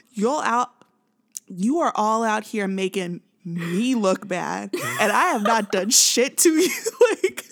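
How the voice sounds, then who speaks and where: A woman co-hosting a casual podcast, blunt and profane, laughing often and mimicking people. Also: a little high. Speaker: podcast co-host. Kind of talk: casual chat.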